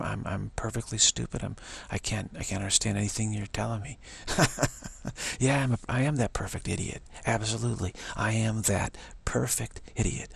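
A man's voice: lowish voice, vocal fry, breathy edge, dry recording. A man giving a spiritual monologue, repeating affirmations over and over and dropping to whispers. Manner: repetitive affirmations, drops to whispers. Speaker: spiritual teacher.

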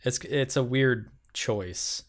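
Easygoing man chatting with many pauses. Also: mid-range voice. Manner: hesitant, many fillers and restarts, easygoing. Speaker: podcast co-host. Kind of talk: casual chat.

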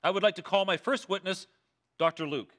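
A male pastor acting out an eager, nervous young defense lawyer addressing a jury in a loud, pleading way. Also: high-pitched, brisk, pitched above the performer's own voice. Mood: confident. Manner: loud, pleading courtroom oratory.

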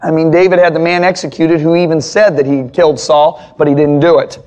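A man's voice: a little high, steady tone, fast, darkish tone. A male pastor teaching a Bible lesson in sermon style, telling stories with emphatic repetition.

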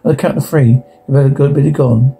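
A man's voice: mid-range voice, steady tone, quick pace, creaky, dark tone, a little hiss or hum, natural voice. A man voicing a cocky, foul-mouthed middle-aged demon hunter with a brash, swaggering delivery. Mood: taunting.

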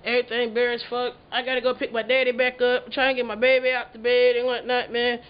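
Woman vlogger, high voice, brash and foul-mouthed, slightly lo-fi sound. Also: little pitch movement, fast talker, smooth. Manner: profane, boisterous, rambling. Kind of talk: casual vlog chat.

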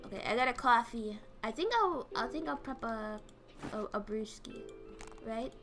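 A woman streaming a game, talking casually in an excitable, jumpy way and swearing often. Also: on the high side, normal speed, over music. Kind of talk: casual gameplay commentary.

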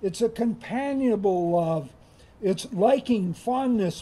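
A man's voice: high-pitched, animated, unhurried, mellow. A male chaplain giving a chapel talk, explaining ideas plainly and speaking directly to his listeners. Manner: plain teaching tone, addressing the group directly. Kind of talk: chapel sermon.

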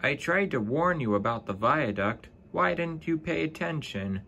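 A man's voice: lowish voice, measured pace, pushed and bright, dull audio, a little hiss or hum. A man voicing a grumpy old railway fogman who speaks in a scolding tone.

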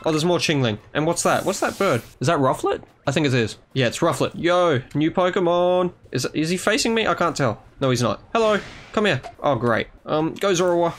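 A young man giving chatty, excitable commentary on his own gameplay, talking to the creatures on screen. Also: a little high, slight background noise. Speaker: gaming YouTuber. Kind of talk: casual let's-play commentary.

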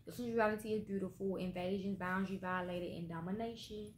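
A woman's voice: medium pitch, fairly even intonation, brisk. Blunt, profane woman reading tarot cards. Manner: blunt and profane, swearing often; trails off with repeated "okay?" tags. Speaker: tarot card reader. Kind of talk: casual tarot reading to camera. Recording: echoey room with faint background noise.

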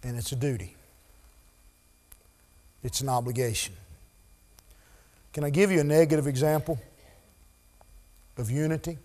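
A man preaching a sermon in a church, building from quiet talk to loud, high-pitched preaching. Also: unhurried, long pauses. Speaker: pastor.

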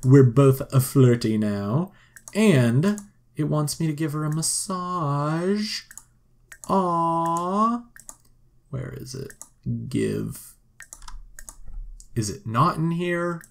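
A man's voice: on the high side, huge pitch swings, takes it slowly, gravelly, darkish tone. A man giving wry, joking let's play commentary on a life-sim game. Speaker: gameplay commentator.

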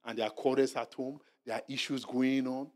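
A male pastor leading a Bible study sermon, animated and exhorting, repeating his points and dropping to a hushed murmur for soft asides. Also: medium pitch, fairly quick. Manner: animated preaching, drops to a hushed murmur when acting out apologies; repetitive, exhorting. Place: church hall.

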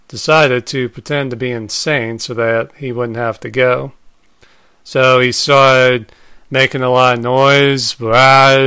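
A man casually retelling old myths as a podcast host, laid-back, with frequent "uh" pauses and the odd swear word. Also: medium pitch, a bit bright, clean tone, no echo, studio quality.

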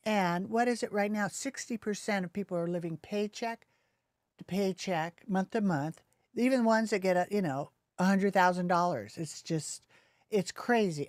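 A woman's voice: on the low side, a little mellow, dry recording, clean studio sound. Enthusiastic middle-aged woman host. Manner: enthusiastic, chatty. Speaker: podcast host. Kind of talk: casual interview.

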